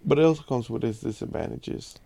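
A man's voice: mid-range voice, big pitch swings, brisk, vocal fry, dark tone, dry recording. A young man from a Mexican family, a podcast guest telling rambling, profane anecdotes in casual chat.

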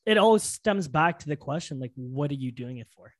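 Fast-talking blunt young man. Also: a little high, lively intonation. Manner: quick, blunt, teasing. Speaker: podcast host. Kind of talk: casual chat.

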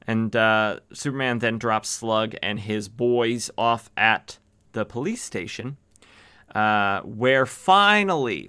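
A man's voice: medium pitch, pushed and bright, clear, resonant tone. A man hosting a podcast, casually recapping an old comic with rambling, joking asides and lots of fillers. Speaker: podcast host.

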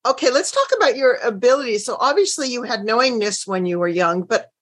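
A woman's voice: fairly high pitch, lively intonation, fairly quick, a bit bright. A woman hosting a casual interview, affirming her guest and drawing her out with questions. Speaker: host.

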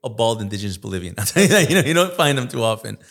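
A man's voice: medium pitch, big pitch swings, racing, gravelly, a bit bright. Chatty man hosting a podcast. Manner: chatty, laughs often, frequent fillers. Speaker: podcast host, Marine veteran. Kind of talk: casual conversation.

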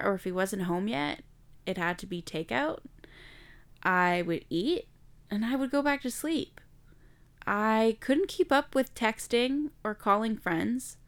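A young woman speaks slowly and candidly, reflecting on a painful personal time for her podcast listeners. Her voice is smooth and resonant, with a gravelly fry at the ends of phrases. She is unhurried and earnest. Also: mid-range voice. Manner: candid, reflective, slow and emotional. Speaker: podcast host. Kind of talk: personal storytelling monologue.

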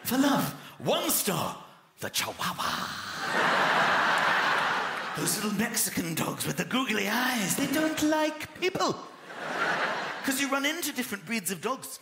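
A man performing a stand-up comedy set, animated and playful, at a live comedy venue. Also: sits high, very noisy. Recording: echoey venue with loud crowd laughter.

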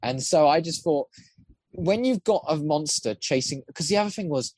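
A man's voice: a little high, expressive, a little mellow, no echo. Eager rambling man, podcast guest. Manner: eager, rambling, quick restarts. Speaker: guest, voice actor and prop maker. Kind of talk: casual podcast chat.

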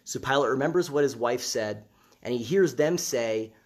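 A man's voice: medium pitch, moderate pace. Guy preaching a sermon, chatty, keeps repeating lines to hammer them home. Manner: conversational, repeats phrases for emphasis.

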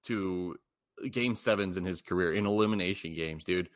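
A man co-hosting a sports podcast, chatting casually and halting with restarts as he makes his point. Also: sits low. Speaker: podcast co-host.

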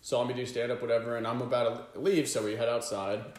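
A young man co-hosting a casual comedy podcast, a lively storyteller who does loud impressions. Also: mid-range voice, fast talker, roomy sound. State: hoarse from a lost voice. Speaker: podcast co-host.

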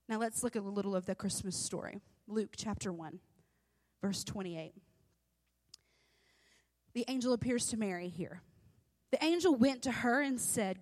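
A woman's voice: medium pitch, expressive, normal speed, a little mellow, long reverb tail. A woman preaching a sermon and reading scripture aloud, driving points home by repeating phrases. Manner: emphatic, repeating phrases for weight.

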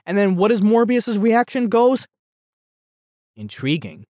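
A man's voice: fairly high pitch, lively intonation, normal speed, no room sound, clean studio sound. A man ranting casually about a movie, heated and rambling, with frequent stumbles and restarts. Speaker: movie reviewer.

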